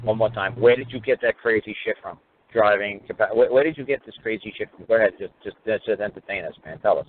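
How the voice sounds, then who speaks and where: A low-voiced man hosts a call-in talk show, blunt and sarcastic and quick to swear. His voice comes through a tinny phone line with a faint hiss behind it. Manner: blunt, profane and sarcastic, rising to ranting.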